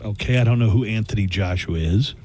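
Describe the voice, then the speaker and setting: A man's voice: lowish voice, fairly quick, a little mellow, slight background noise. A man hosting a radio show, bantering casually and reading sponsor promos in a wry, laid-back way. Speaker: radio host.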